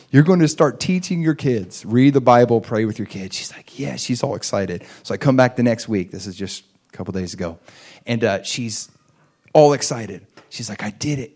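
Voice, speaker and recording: A man's voice: mid-range voice, darkish tone. A man preaching a sermon in a conversational way, checking in with the congregation and rising to emphatic peaks. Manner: asks the audience for agreement.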